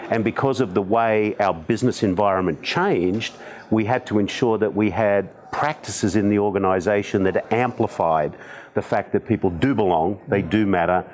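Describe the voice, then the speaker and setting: Low-voiced Australian man in his sixties. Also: normal speed. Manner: animated, self-deprecating humor. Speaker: podcast guest. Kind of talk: conversational storytelling.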